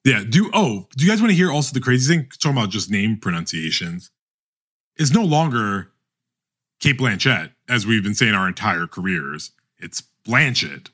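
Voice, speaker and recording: Podcast co-host, male, bright tone, halting and chatty, lots of restarts. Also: fairly low pitch, very animated. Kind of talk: casual chat about awards season.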